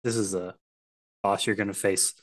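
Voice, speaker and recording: A man co-hosting a podcast, in casual chat about a video game and telling it in a lively, animated way. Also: lowish voice, moderate pace. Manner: animated storytelling, often acting out what game characters say. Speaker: podcast co-host.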